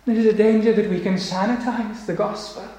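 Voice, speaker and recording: A man's voice: high-pitched, fairly even intonation, warm tone. Solemn preacher man in a very echoey hall. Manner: solemn, emphatic, slows for weight. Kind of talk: sermon.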